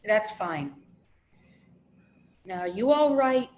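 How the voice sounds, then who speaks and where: A tense, bossy grieving sister with a New Jersey accent speaks in clipped, exasperated bursts. The room rings with a roomy echo and faint background hiss. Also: female voice, medium pitch, lively intonation, takes it slowly, a little mellow, highs cut off. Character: tense, prim grieving eldest sister, middle-aged.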